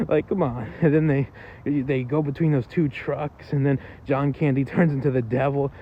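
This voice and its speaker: A man's voice: medium pitch, a little fast, lo-fi sound. A man rambling through a casual, off-the-cuff movie review, full of fillers and loose swearing.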